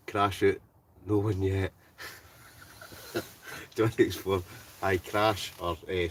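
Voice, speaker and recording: Scottish male host, deep voice, upbeat live chat from a camping tent, mic a bit distant with faint hiss. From Scotland. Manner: chatty and upbeat, greets viewers by name. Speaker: wild camping livestreamer. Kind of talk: casual livestream chat, reading out viewer comments. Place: hot tent outdoors behind his house.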